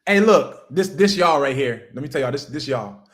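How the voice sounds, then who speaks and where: A man, hosting a livestream and delivering a loud, preachy motivational rant that jumps high when he hammers a point. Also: lively intonation, normal speed. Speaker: livestream host.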